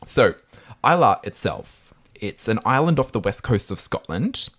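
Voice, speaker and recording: A man's voice: on the low side, very animated, a little slow, a bit bright. An Australian man co-hosting a casual podcast chat, laughing often and poking fun at himself. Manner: laughs often, self-deprecating. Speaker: podcast co-host.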